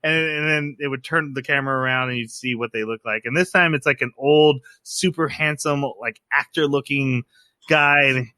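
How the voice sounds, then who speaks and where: A man's voice: mid-range voice, moderate pace, no echo. A man hosting a podcast, casually recapping an episode and acting out the characters' lines in raised voices. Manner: animated recapping, acts out quotes in raised voices. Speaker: podcast host.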